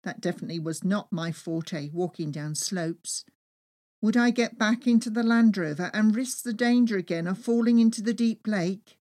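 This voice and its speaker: A woman reading her own travel memoir aloud with lively, expressive storytelling. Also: medium pitch, moderate pace. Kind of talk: first-person memoir reading.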